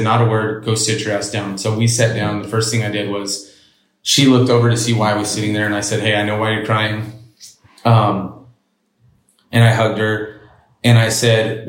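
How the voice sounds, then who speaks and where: A man's voice: fairly low pitch, roomy sound, rough recording. Blunt, profane man telling a story. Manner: blunt and profane, retells with quoted dialogue. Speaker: interview guest. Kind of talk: casual storytelling.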